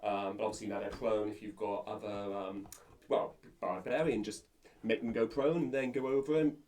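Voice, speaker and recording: Low-voiced English man explaining rules. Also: fairly even intonation, normal speed, darkish tone. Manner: explanatory, hesitant. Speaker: player. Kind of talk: casual chat about a tabletop game.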